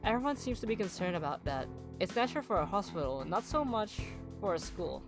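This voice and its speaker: A woman's voice: lowish voice, sing-song, brisk. An Australian woman streamer reading a visual novel aloud and chatting between the lines. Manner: chatty, breaks off to comment between read lines. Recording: guitar music behind.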